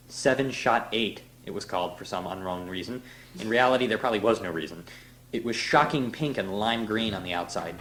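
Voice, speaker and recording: A man's voice: lowish voice, a bit bright, a little hiss or hum, low-quality recording. A man reading a novel aloud to a group in a loose, laughing way, breaking off for offhand asides. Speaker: reader.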